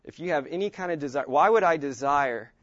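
A man teaching how to meditate on Scripture, thinking aloud and stressing single words of a passage as he reads it slowly. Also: a little high, expressive, fairly bright tone, no echo, highs cut off. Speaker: Bible teacher.

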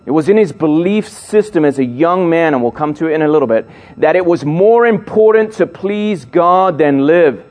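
Middle-aged male youth preacher, slightly high voice, jokes and builds emphasis. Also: expressive, normal speed, hardly any pauses, a little mellow. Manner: playful, jokes with the audience, emphatic build-ups. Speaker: speaker at a youth gathering. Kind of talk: sermon to young people.

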